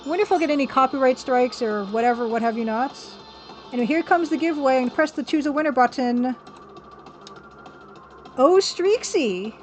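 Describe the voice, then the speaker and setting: A woman hosting a casual live stream, chatting and rambling to her viewers and laughing often. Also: sits high. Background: faint music from a record player.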